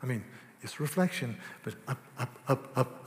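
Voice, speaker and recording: A man preaching a sermon as pastor, swinging from hushed, tender asides to loud, emphatic declarations. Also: mid-range voice, animated, normal speed. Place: church sanctuary. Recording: long hall reverb.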